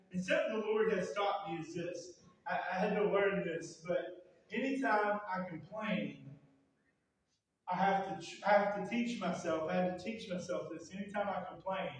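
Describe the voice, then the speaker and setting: A man preaching a conversational sermon as pastor, folksy and joking, acting out the dialogue he quotes. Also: high-pitched. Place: church sanctuary. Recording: echoey church hall, distant mic.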